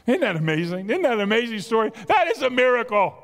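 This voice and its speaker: A man with a South Jersey accent preaching a sermon, animated and exclamatory, full of rhetorical questions. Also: extremely high pitch, fast, big-room sound. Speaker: pastor.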